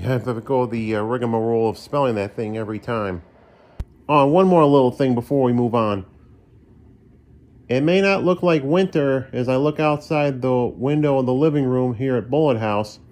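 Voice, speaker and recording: A man hosting his own podcast from his living room, chatting in a folksy, self-deprecating way. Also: medium pitch. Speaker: podcast host. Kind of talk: casual solo podcast monologue.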